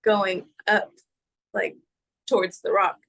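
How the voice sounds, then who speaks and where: A woman of middle pitch joins a fitness check-in over a video call. She talks casually, telling stories with plenty of fillers. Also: big pitch swings, slow, fairly bright tone, rough recording. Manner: chatty, storytelling with fillers. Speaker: guest, fitness group member. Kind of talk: casual conversation.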